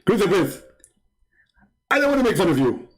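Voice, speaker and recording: A man's voice: high-pitched, very animated, normal speed, husky, pitched above the performer's own voice, full character voice. A man putting on the voice of a smug, mocking male preacher who taunts and giggles. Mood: taunting.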